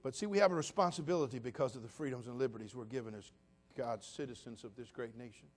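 A man, preaching a sermon as pastor to his church, moving from quiet confiding talk to loud, emphatic preaching. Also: medium pitch, fast talker.

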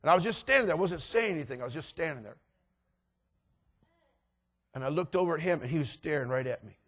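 A middle-aged man preaching, telling a story and acting out voices with animated delivery. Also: fairly high pitch, quick pace. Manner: animated, acts out voices in anecdotes. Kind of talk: sermon storytelling.

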